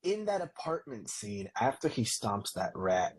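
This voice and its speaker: A young man hosts a casual podcast, his voice husky. He tells stories in a loose, rambling way and often breaks into laughter. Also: lowish voice, big pitch swings, a little slow, low-quality recording. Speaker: podcast host. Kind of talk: casual chat.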